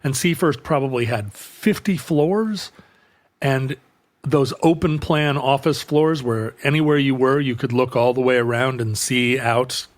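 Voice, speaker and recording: A man co-hosting a podcast, telling a long rambling work story in casual chat, jumping high when he quotes people. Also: unhurried. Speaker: podcast co-host.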